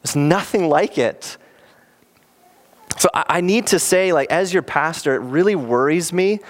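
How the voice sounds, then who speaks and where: Man, pastor, sermon, earnest, animated delivery, slightly high pitch. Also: a little slow. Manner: earnest, animated preaching with quoted voices.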